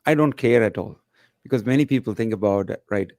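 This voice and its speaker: A man from India, hosting a webinar and asking curious, halting questions. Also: lowish voice, darkish tone, no room sound, studio quality. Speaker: webinar host.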